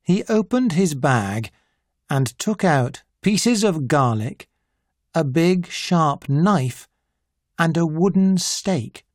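An audiobook narrator reading a simplified classic story in a clear, deliberate way. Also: mid-range voice, lively intonation, no room sound, clean studio sound.

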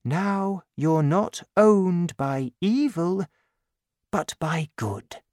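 A storybook reader voicing a kindly, calm old male bishop who speaks gently and slowly. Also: medium pitch, dry recording, studio quality, voice pushed up. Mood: gentle.

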